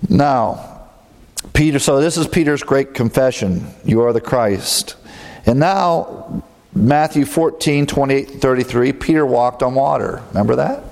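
A man's voice: mid-range voice, measured pace, vocal fry, darkish tone. A man from the American Midwest preaching a sermon in a conversational way, often laughing at his own jokes. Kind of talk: sermon with humor.

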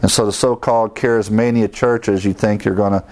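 A man's voice: fairly low pitch, fairly even intonation, fairly quick, a little mellow. A man preaching a verse-by-verse Bible teaching sermon in a conversational way, with frequent fillers and wry asides. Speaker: pastor teaching through scripture.

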